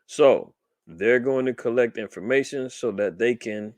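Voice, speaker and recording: Male commentary host, mid pitch, dry close sound, reads news aloud and then fires off rhetorical questions. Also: a little slow, no echo. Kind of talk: casual commentary reading articles aloud.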